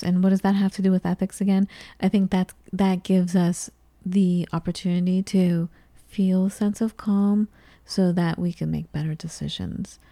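A woman with a fairly low, mellow and warm voice, chatting as a co-host. She tells personal stories in a lively way and acts out the back-and-forth of conversations. The sound is dry and close. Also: dry recording. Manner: storytelling, animated retelling of conversations. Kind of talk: casual chat.

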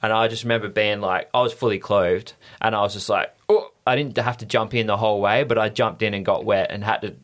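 A man's voice: on the low side, steady tone, fast talker, hardly any pauses, a bit bright. An Australian man telling stories as a podcast guest in an easygoing, rambling way with lots of fillers. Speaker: podcast guest, stunt rider. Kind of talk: casual storytelling.

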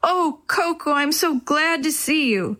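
An eager young boy from a children's storybook, high and excited, pleading with his friends, as a woman narrator puts him on. His voice climbs with urgency. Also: unhurried, full character voice.

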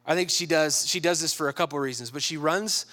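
A man giving a sermon who talks casually and acts out quoted people with lively shifts in voice. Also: on the high side, fairly quick. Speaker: pastor.

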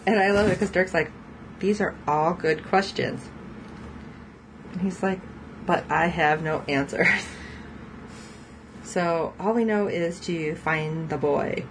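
A woman's voice: on the low side, slow, pauses often, noisy background. Chatty woman recapping a TV episode. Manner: chatty, laughs often, quotes characters. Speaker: podcast co-host. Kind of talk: casual TV recap chat.

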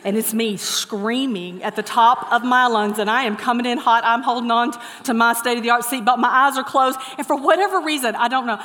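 A middle-aged woman preaching, her voice sitting a little high for a woman. She swings from animated storytelling into soft, earnest urging. Long reverb trails her words around a large hall. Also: fairly quick, hardly any pauses. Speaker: pastor. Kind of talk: sermon.

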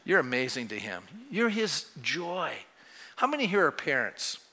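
This sixty-something pastor has a fairly high, pushed, bright voice, very animated at a normal speed. Recorded in an echoing church hall, he banters and jokes with his congregation in the sanctuary, then builds his sermon into fervent exhortation.

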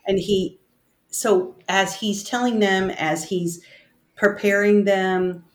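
A woman leading a casual bible study discussion, reading scripture aloud and talking it through in halting, restarting sentences. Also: mid-range voice, fairly even intonation. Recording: roomy echo.

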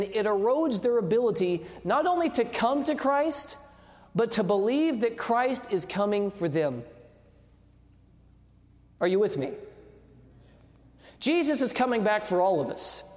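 A man's voice: very high voice, darkish tone. A man in his thirties preaching a sermon, telling a story with quoted dialogue and putting questions to the congregation. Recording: long hall reverb.

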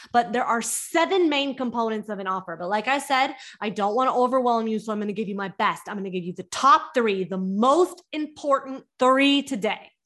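A young adult woman hosting a podcast, coaching business owners in an energetic way and firing off rhetorical questions. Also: fairly high pitch. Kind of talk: teaching podcast talk.

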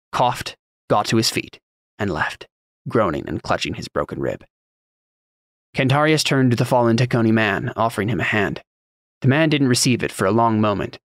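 A man narrating a fantasy audiobook in a steady, even storytelling read. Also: mid-range voice, no echo, clean studio sound.

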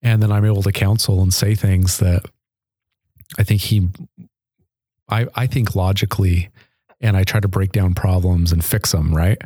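A man's voice: sits low, steady tone, moderate pace, pauses often, mellow, no echo, clean studio sound. A man, a podcast guest, telling personal stories in an earnest, chatty way with frequent laughs. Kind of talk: casual storytelling.

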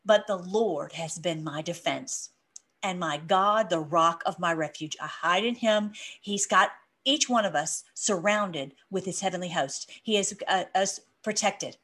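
A woman giving an informal Bible teaching online, animated, laughing often as she reads and comments on scripture. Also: fairly low pitch, measured pace. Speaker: online preacher.

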